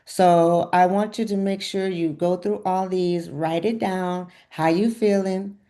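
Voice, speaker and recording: A woman's voice: lowish voice, fairly even intonation, unhurried. Effusive woman coaching a group call. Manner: warm, effusive, repeats praise. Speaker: health coach leading a group session. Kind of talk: encouraging coaching on a video call.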